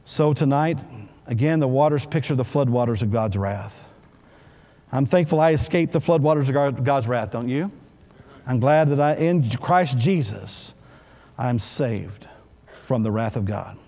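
A man's voice: mid-range voice, measured pace, mellow, big-room sound. A middle-aged man preaching a sermon in church, reading scripture aloud and earnestly repeating key phrases.

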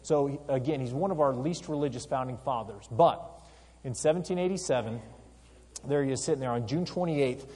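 A man giving an energetic history lecture, telling the story with rhetorical questions to his listeners. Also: medium pitch, a little fast, slightly rough, big-room sound.

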